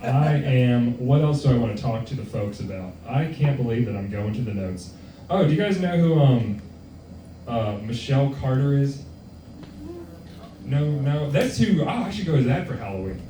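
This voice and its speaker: A young stand-up comic works a comedy club with an offhand, self-deprecating, heavily profane set. His mid-range, mellow voice is animated and a little fast, caught on a distant mic with roomy club sound and room noise.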